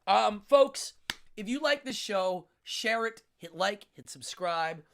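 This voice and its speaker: A man's voice: sits high, animated, slow, vocal fry, fairly bright tone, slight background noise. Man, live-stream host, casual rambling chat, laughs a lot.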